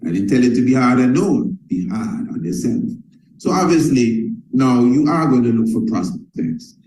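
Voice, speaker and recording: Man, motivational sales coach, mellow emphatic voice, repetitive delivery, echoey room. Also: medium pitch. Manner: emphatic and repetitive, addresses listeners as family.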